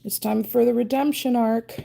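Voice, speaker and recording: A woman's voice: on the high side, steady tone, moderate pace, gravelly, dark tone. A woman chatting casually on a live stream while painting her nails, talking to herself in a self-deprecating way as she concentrates. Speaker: nail art streamer.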